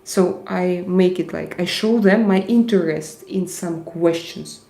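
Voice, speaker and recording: A Russian-accented woman hosts a casual livestream, answering viewers in a talkative way with frequent restarts. Her voice is mellow and relaxed. The sound is roomy, with a clear echo around her. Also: fairly low pitch, unhurried. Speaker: livestream host.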